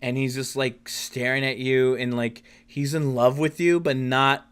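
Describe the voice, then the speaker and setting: A man's voice: mid-range voice, flat delivery, unhurried, clean tone. A man narrating as game master of a tabletop role-playing game, rambling with many restarts and fillers.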